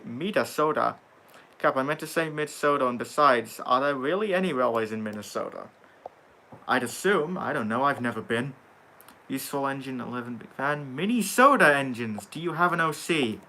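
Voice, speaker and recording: Bright-voiced young man reading livestream chat. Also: medium pitch. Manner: sarcastic, swears casually.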